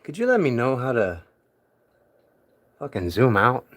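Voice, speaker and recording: A man's voice: mid-range voice, huge pitch swings, unhurried. A young man casually coaxing his pet mouse toward a phone camera, joking and swearing a little. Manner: coaxing, joking, mildly profane. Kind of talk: casual vlog talk.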